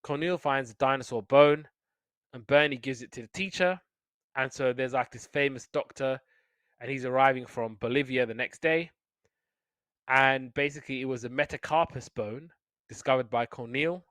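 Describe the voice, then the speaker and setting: A man with a smooth, resonant voice chats through cartoon plots and acts out the characters' lines. His pitch is ordinary. The recording is dry and close. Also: normal speed, fairly bright tone, no echo. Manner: chatty, acts out lines in quotes. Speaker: podcast co-host. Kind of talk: casual episode recap.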